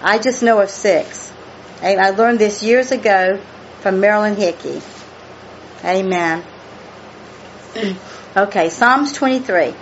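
A woman's voice: medium pitch, slow pace, pauses often, highs cut off, slight background noise. A woman leading a Bible study, reading scripture aloud, explaining it and repeating key phrases for emphasis.

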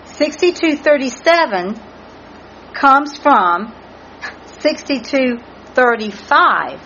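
A woman's voice: high voice, lively intonation, takes it slowly, sharp tone, a little hiss or hum. A woman teaching a Bible study, earnestly spelling out Hebrew words letter by letter. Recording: muffled lo-fi recording with faint background ambience.

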